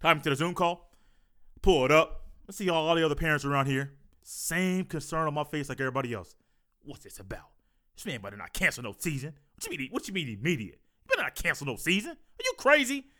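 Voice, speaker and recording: High-voiced, animated male podcast host. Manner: fast, animated, goofy.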